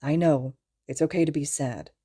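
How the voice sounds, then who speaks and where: A woman reading aloud, voicing a gruff, embarrassed teenage boy who speaks bluntly and mutters. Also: sits low, normal speed, dark tone, dry recording, studio quality. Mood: gentle.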